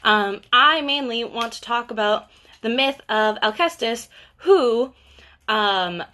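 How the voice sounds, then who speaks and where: Young woman bookseller chatting on a live stream, lots of ums, bright voice. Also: on the high side, expressive, takes it slowly. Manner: chatty, lots of fillers and asides. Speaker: bookseller hosting a book talk. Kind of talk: casual chat on a livestream.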